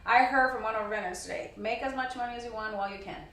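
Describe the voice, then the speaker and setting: A woman's voice: a little high, racing, a bit bright. A woman being interviewed as a wrestling promoter and wrestler, chatting casually and filling her talk with "you know" and "girl". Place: convention hall. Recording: roomy echo from a distant mic.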